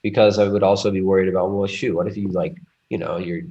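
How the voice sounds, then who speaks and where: A man talking as a guest in a casual conversation, rambling and animated, with frequent restarts. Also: low voice, fast talker. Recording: muffled lo-fi audio.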